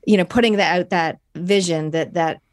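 A woman hosting a podcast, talking in an earnest, reflective, halting way. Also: fairly low pitch, steady tone, no echo, clean studio sound. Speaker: podcast host. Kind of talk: casual podcast chat.

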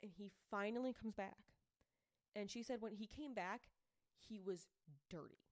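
A woman's voice: mid-range voice, moderate pace, dry recording, clean studio sound. Chatty young woman telling a story. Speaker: podcast co-host telling the story. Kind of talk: casual chat.

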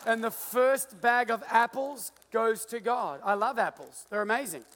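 A man with an Australian accent preaching a sermon with playful jokes and an animated stage illustration in a large church auditorium. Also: extremely high pitch, unhurried, long reverb tail, a little hiss or hum. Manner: playful, joking, animated with the crowd. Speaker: pastor.

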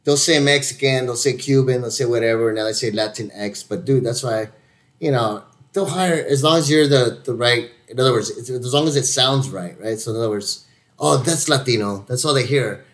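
A man chatting casually as a host, animated and laughing, swearing and calling his guest dude. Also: mid-range voice, brisk. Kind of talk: casual chat.

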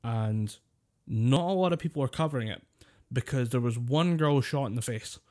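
Rambling British podcast co-host. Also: male voice, mid-range voice, moderate pace, darkish tone. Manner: rambling, wry, laughs often. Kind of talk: casual chat.

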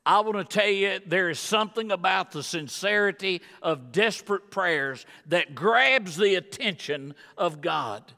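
A man preaching a sermon as guest pastor, emphatic and rising into high excited bursts, on a wireless body mic in a church. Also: measured pace, hardly any pauses, long reverb tail. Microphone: wireless body mic with battery pack.

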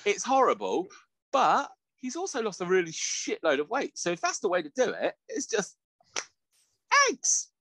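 A man's voice: high-pitched, wildly swooping pitch, normal speed, fairly bright tone, no echo. A man co-hosting a casual podcast chat, laughing often, swearing freely and slipping into mock voices. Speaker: podcast co-host.

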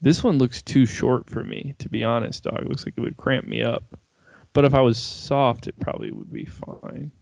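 A man's voice: mid-range voice, steady tone, moderate pace, creaky, a little mellow, no echo. A young man in casual chat, laid-back and swearing, laughing easily.

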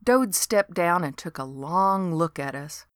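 A woman's voice: lowish voice, lively intonation, a little slow, smooth, no room sound. A woman narrating a storybook in a dry, wry delivery.

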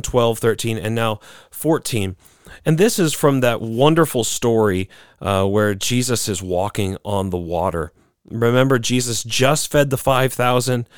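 A man preaching a sermon, earnest and lively, acting out quoted voices in the story he tells. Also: medium pitch, clear, resonant tone, dry recording, studio quality.

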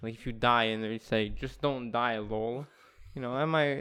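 A man's voice: medium pitch, fairly even intonation, normal speed, a bit bright, clear, resonant tone. A young man co-hosting a casual podcast, wry and joking with loose fillers. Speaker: podcast co-host.

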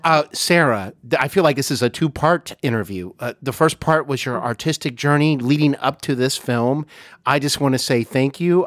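A man hosting an interview podcast, speaking in a friendly, complimentary way and filling pauses with uhs. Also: medium pitch, no room sound, clean studio sound. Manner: warm, complimentary, uses many uhs. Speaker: podcast host. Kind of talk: casual interview chat.

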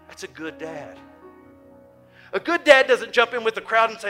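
Impassioned older man preaching, bright voice. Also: high voice, lively intonation, normal speed, faint music behind. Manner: impassioned, swings from soft to loud. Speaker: pastor. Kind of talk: sermon.

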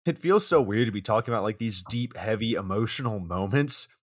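Relaxed man podcaster, dry sound. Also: lowish voice, brisk, husky, no echo. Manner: relaxed, recaps scenes, many "like" and "you know". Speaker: podcast co-host. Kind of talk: casual movie review chat.

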